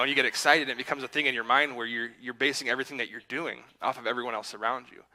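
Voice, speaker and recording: Male preacher with a very bright, sharp tone and a mid-range pitch; casual, self-deprecating delivery. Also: low-quality recording. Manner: conversational, self-deprecating, acts out his inner voice. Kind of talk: sermon with personal story. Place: church sanctuary.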